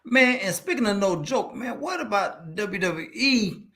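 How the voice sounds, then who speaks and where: A man trades quick, teasing jabs while he watches wrestling with a friend. His voice is high and very lively, and his pitch jumps sharply when something excites him. He talks in short, animated bursts. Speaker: co-host. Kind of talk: casual chat reacting to a live wrestling show.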